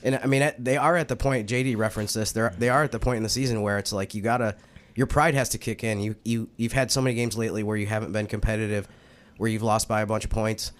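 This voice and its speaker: A man's voice: lowish voice, steady tone, quick pace. A man hosting a sports podcast in casual chat, earnest and emphatic. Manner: earnest, emphatic, with many restarts. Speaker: podcast host.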